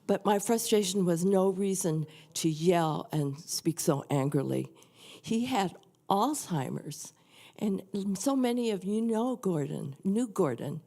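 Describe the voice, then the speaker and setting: Low slow-spoken older woman. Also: vocal fry. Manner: earnest and heartfelt, softly confiding. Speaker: church member sharing a testimony. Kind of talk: personal testimony in a church service. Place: church sanctuary.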